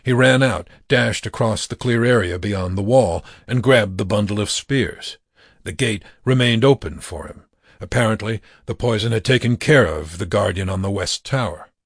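Low gravelly guy reading a story slow, husky, dry close sound. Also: no room sound. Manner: slow, measured reading with acted dialogue. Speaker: narrator. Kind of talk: audiobook narration.

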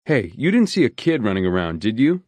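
A man's voice: fairly low pitch, big pitch swings, fairly quick, darkish tone, no echo. A man voicing a chatty, insistent male railroad loader in an audiobook. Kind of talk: audiobook character voice.

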